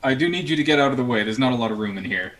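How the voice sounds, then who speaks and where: A man playing a tabletop game, talking quickly and joking about himself. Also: medium pitch, animated, fairly bright tone, slight background noise. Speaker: player. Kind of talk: casual tabletop play.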